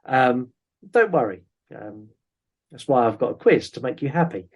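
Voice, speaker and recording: A man's voice: medium pitch, expressive, normal speed, a little mellow, breathy edge. A man hosting a podcast, chatting casually about a film with many ums. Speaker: podcast host. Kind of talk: casual film review chat.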